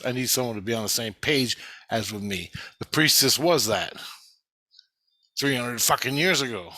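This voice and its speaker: A man's voice: medium pitch, sharp tone, dry recording. A middle-aged man talking in a rambling, profane, intense personal monologue as a vlogger.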